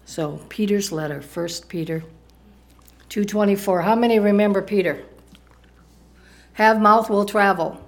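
A woman's voice: mid-range voice, unhurried, pauses often. A woman preaching a sermon in a conversational way, often asking the congregation questions.

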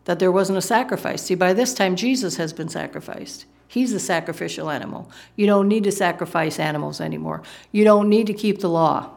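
A woman's voice: medium pitch, darkish tone. A woman preacher giving a sermon, emphatic, asking the congregation rhetorical questions and explaining the meanings of Greek words.

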